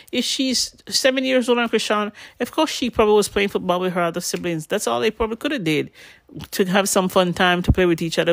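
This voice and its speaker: A woman's voice: medium pitch, dry recording, clean studio sound. A middle-aged woman, a nurse, telling stories bluntly in casual commentary with slang and swearing. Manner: blunt, animated storytelling with lots of slang and swearing.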